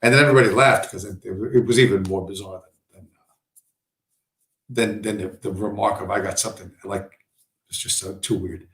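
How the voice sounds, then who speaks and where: A man's voice: fairly low pitch, steady tone, brisk, long pauses, a bit bright. A man rambling through a profane, meandering story on a casual livestream, often mimicking the people he quotes. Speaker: livestream host. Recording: echoey room.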